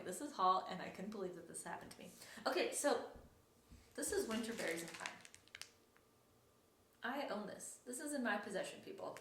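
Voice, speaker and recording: A young woman hosting a cross-stitch vlog, chatting casually and rambling, often correcting herself. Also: mid-range voice. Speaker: flosstube host. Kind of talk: casual show-and-tell vlog. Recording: echoey room with faint noise.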